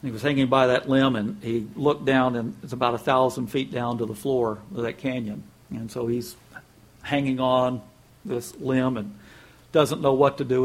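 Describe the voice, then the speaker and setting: Husky-voiced man preaching a folksy sermon. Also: mid-range voice, steady tone, normal speed. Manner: conversational, tells jokes and chuckles, repeats words.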